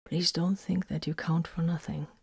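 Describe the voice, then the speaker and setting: Intense warrior librarian read by a woman, quiet and earnest, lowish, dry close sound. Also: steady tone, moderate pace, no room sound, natural voice. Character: sarcastic, intense male psychic librarian warrior.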